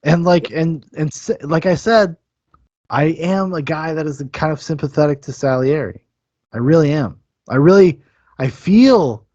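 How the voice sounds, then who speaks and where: A man's voice: fairly high pitch, darkish tone, dry recording, muffled recording. A man hosting a podcast, talking in a rambling, profane, enthusiastic way about a film. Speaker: podcast host. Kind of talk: casual film-review chat.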